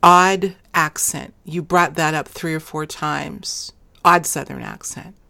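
Low-voiced woman interviewer, probing, thinks out loud. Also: fairly even intonation, slow, gravelly.

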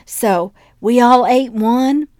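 An older woman hosts a devotional podcast as host and preacher, teaching and telling warm, homey stories in which she acts out the voices of the people involved. Her voice is on the high side and slow, recorded dry with studio quality.

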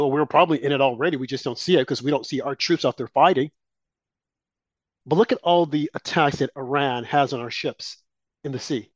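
A man with a fairly high voice co-hosts a political talk show, firing off indignant rhetorical questions and mocking asides. The sound is dull and lo-fi, and the room is dry and close. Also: no echo. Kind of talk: political talk radio commentary.

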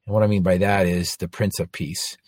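A man's voice: low voice, flat delivery, brisk, darkish tone, dry recording, studio quality. A man in his forties giving an earnest faith testimony, telling his story with frequent restarts. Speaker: inspirational speaker.

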